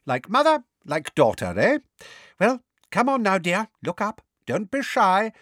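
A man's voice: high-pitched, big pitch swings, fairly bright tone, no echo, clean studio sound, pitched above the performer's own voice, heavily acted. A man doing a blustering hearty minister. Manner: hearty, blustering, quick to anger. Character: hearty, blustering middle-aged male minister.

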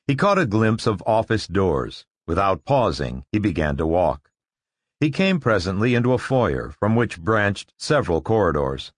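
A man narrating a science-fiction story with expressive storytelling delivery. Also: lowish voice, normal speed, no room sound, clean studio sound. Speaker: audiobook narrator. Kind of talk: scripted narration.

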